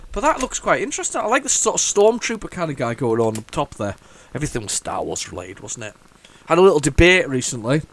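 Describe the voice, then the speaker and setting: A man hosting a retro gaming channel, rambling through casual gameplay commentary, thinking aloud with many restarts and bursts of excitement. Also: medium pitch. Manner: excitable bursts over the game.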